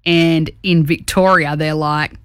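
A woman's voice: deep voice, steady tone, unhurried, noisy background. A woman with an Australian accent hosting a radio show in casual, chatty, jokey talk. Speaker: radio host.

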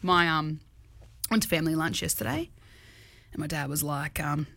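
An Australian woman hosting a radio show, an animated storyteller who laughs often. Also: low-pitched, moderate pace, vocal fry, long pauses. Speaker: radio host. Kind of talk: casual radio banter. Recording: music bed behind.

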